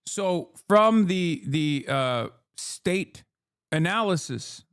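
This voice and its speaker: A man's voice: on the high side, lively intonation, very slow, smooth. A man hosting a stream, giving blunt, profane political commentary in casual chat. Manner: blunt, profane, opinionated, with fillers like "like" and "okay?". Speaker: streamer host.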